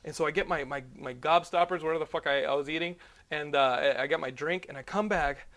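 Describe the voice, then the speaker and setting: A man hosting a podcast, telling a long story in a rambling, profane, animated way. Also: on the high side, fast talker. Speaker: podcast host.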